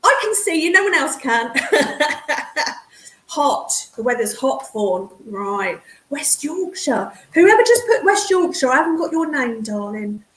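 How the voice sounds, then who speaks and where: Speaking at a slow pace, this high-voiced, animated Midlands woman chats casually with her livestream viewers through a computer streaming mic, the room echoing around her. She's excitable and gabby, addressing them as darling and hun.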